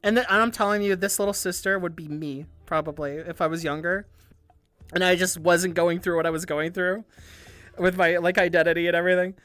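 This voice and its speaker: Excitable swearing woman streamer. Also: on the low side, brisk, no echo. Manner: rambling and excitable, swears a lot and laughs often. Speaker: VTuber livestream host. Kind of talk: casual livestream chat answering viewer questions.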